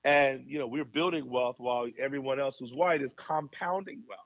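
A man who is a pastor, telling stories as an interview guest in an animated way, laughing often. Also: medium pitch, moderate pace, dry recording, highs cut off.

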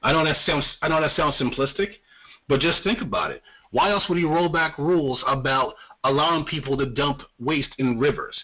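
A man's voice: a little high, normal speed, slightly rough. A man hosting a podcast, giving casual political commentary in a heated, profane ranting manner. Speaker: podcast host. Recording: slightly muffled lo-fi audio.

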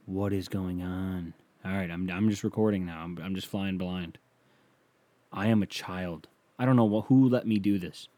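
A man rambles through a casual solo podcast, crude and joking at his own expense. His voice sits low and mellow. He is recorded close on a sensitive mic in a small, dry home studio. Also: fairly even intonation, moderate pace, no echo. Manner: crude, rambling, self-mocking. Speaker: podcast host.

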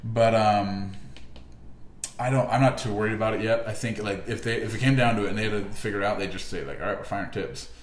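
A man's voice: lowish voice, fairly even intonation, fast talker, echoey room. A young man hosting a casual sports podcast, chatty and opinionated, often laughing as he talks. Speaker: podcast host. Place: room, walking around.

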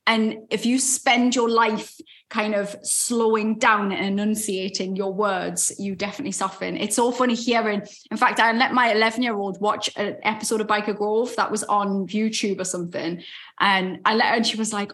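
A woman in her forties from Newcastle with a softened Geordie accent, talking chattily as a guest in an interview. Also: medium pitch. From Newcastle, England. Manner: chatty and animated, with quick laughs and restarts. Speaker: podcast guest, author and life coach. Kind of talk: conversational interview.

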